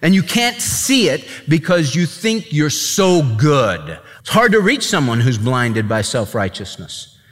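Male pastor, emphatic conversational sermon, lively pitch, echoing church. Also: unhurried, soft background music. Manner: emphatic, animated, conversational preaching.

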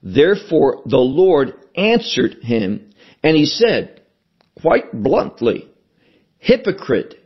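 Slow, husky-voiced man preaching. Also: on the high side, big pitch swings, highs cut off. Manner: deliberate, emphatic preaching with repeated phrases. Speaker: pastor. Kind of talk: sermon.

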